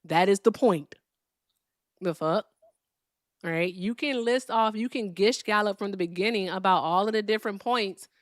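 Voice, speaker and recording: A woman's voice: medium pitch, fairly bright tone, no room sound, studio quality. A woman hosting a live call-in debate stream, blunt and profane, brushing callers off.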